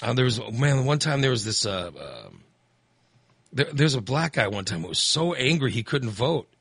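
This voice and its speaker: A man's voice: medium pitch, expressive, moderate pace, fairly bright tone, breathy edge, no echo. A man hosting a call-in radio chat, rambling and acting out angry voters. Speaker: radio host.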